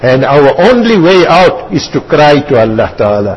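A man's voice: a little high, very animated, normal speed, slightly rough. A man giving a sermon, explaining verses line by line and repeating words as he searches for them. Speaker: religious speaker. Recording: dull lo-fi recording.

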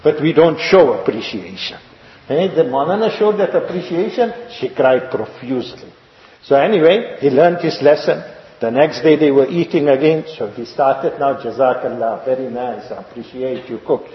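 A man's voice: fairly high pitch, expressive, normal speed, dull audio. Man preaching in an echoey hall. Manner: rhetorical questions and repetition, storytelling. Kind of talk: sermon.

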